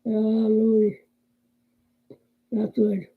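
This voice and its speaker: A woman's voice: on the high side, monotone, very slow, breathy edge, phone-quality sound, full character voice. An older woman voicing a glum newlywed man complaining about his marriage in a told joke.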